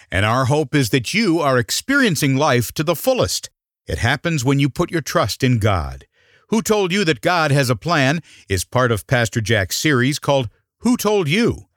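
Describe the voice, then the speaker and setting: A man's voice: medium pitch, fairly bright tone, no echo. A man reading scripted radio announcements and promotions in a friendly tone. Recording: dry close studio mic.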